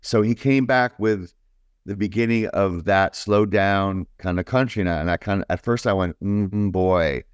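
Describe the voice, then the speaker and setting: A baritone man from New York, a guest musician talking in a casual, rambling, enthusiastic way with many fillers. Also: normal speed, clear, resonant tone, dry recording. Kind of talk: casual interview chat.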